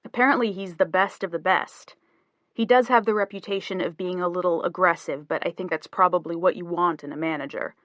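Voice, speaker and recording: A woman's voice: lowish voice, steady tone, a little fast, fairly bright tone, no room sound, lightly acted. A woman reading the lines of a playful young husband in an audiobook, joking and teasing. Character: easygoing playful young husband, rock musician.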